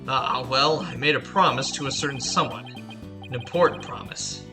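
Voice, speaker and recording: A woman voicing a laid-back middle-aged male lawyer who runs the agency, in a lowered voice. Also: normal speed, music in the background. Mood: low-key.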